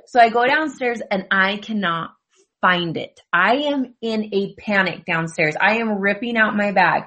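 A young woman co-hosts a casual podcast, telling a story in a chatty, easygoing way with quick asides. Her voice sits at an ordinary, middling pitch. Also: fairly bright tone. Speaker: podcast co-host. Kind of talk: casual chat.

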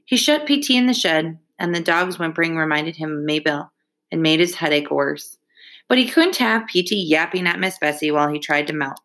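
Low-pitched, bright-voiced woman reader. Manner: steady, measured storytelling. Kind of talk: audiobook reading.

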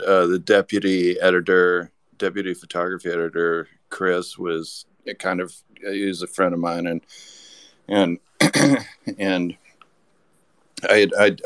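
A man's voice: sits low, smooth, no echo. A man telling a rambling anecdote as a podcast guest, with lots of restarts. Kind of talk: casual storytelling.

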